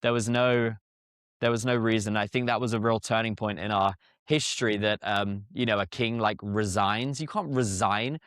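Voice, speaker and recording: A young man with an English accent chats as a podcast guest, breaking into small laughs and restarting his sentences. His voice sits low, and the sound is close and dry with no room echo. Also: steady tone, a bit bright, clear, resonant tone. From England. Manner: chatty, laughing asides, quick restarts. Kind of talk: casual interview chat.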